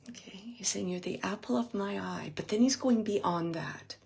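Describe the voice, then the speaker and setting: A woman working as a psychic medium, giving a live reading to an audience member in a halting, searching way, repeating phrases as she relays messages. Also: mid-range voice, vocal fry, darkish tone.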